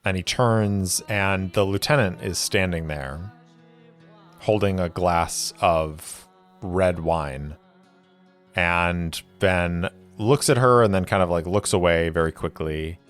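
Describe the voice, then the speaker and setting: A man narrating a solo tabletop role-play as game master, in a measured, deliberate storytelling manner. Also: low voice, clean tone. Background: faint music.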